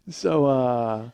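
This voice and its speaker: A man's voice: medium pitch, gravelly, dark tone, no echo. A man in his forties telling stories in a comedic monologue, rambling with frequent fillers and chuckling as he goes. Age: 40s. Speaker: podcast host.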